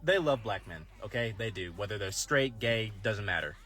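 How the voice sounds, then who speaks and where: A man in his thirties casually telling a personal story to camera in a laid-back drawl, slowing down for emphasis. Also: on the low side, animated, a bit bright. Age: 30s. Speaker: storyteller in a social media clip.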